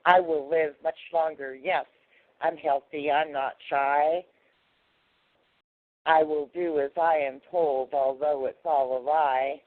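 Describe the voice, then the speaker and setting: A man's voice: on the high side, steady tone, takes it slowly, no room sound. A man voicing an obedient male computer chip in a poem he recites on a radio call, in a mechanical, rhyming way. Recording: tinny dry phone line.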